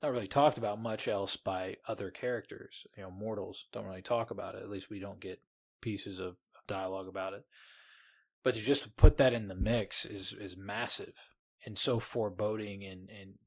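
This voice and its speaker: A man with a fairly low voice gushes about a fantasy book on a podcast. He rambles, restarts his sentences, and swears casually. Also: fairly even intonation, normal speed, creaky. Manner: enthusiastic, rambling, many restarts. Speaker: podcast co-host.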